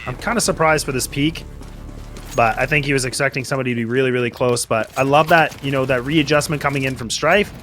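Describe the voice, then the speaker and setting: A man giving quick, analytical color commentary on a competitive shooter match, chatty with frequent restarts. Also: medium pitch, fairly bright tone, faint music behind. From Canada.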